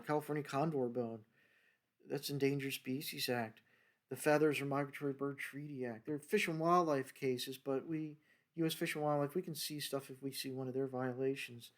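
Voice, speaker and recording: Older American man telling stories. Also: a little high. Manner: rambling, acts out dialogue in quoted voices. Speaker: former federal wildlife agent telling stories. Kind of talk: casual storytelling monologue.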